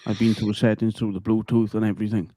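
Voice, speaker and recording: A man's voice: fairly low pitch, flat delivery, fast, dark tone, no echo. Chatty British man hosting a livestream. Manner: chatty, laughs easily. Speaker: livestream host. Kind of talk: casual livestream chat. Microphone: computer mic.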